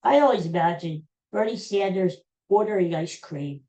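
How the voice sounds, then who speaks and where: A woman's voice: on the low side, lively intonation, normal speed, mellow, muffled recording. An older woman hosting a podcast, chatting in a rambling way and repeating herself. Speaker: podcast host. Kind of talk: casual chat.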